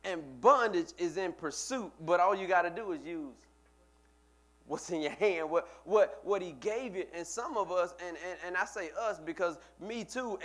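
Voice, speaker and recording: Male pastor with a slightly high voice, loose conversational sermon, lots of repeats and asides to the church. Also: a bit bright. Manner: conversational preaching, repeats words, talks to the congregation.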